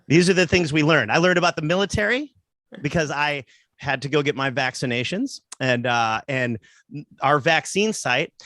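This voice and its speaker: A man's voice: fairly high pitch, sharp tone, no echo. A man doing a stand-up comedy set, telling rambling stories with lots of asides.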